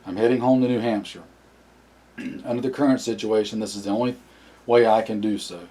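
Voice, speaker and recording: A man reading the part of a calm, commanding male survivor in an audiobook, firm and direct, in a low, mellow voice. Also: brisk, natural voice.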